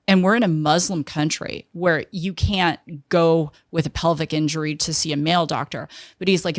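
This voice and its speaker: A middle-aged woman telling an animated personal story in an interview, acting out the people she quotes. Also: low voice, moderate pace, no echo, studio quality. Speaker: guest, entrepreneur.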